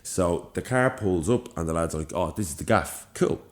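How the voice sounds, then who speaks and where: A young man from Ireland with a Dublin accent, co-hosting a podcast and telling an animated, swear-filled story. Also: low voice, normal speed. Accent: Dublin Irish. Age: young adult. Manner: animated storyteller, swears freely, acts out quoted lines. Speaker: podcast co-host. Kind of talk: casual storytelling chat.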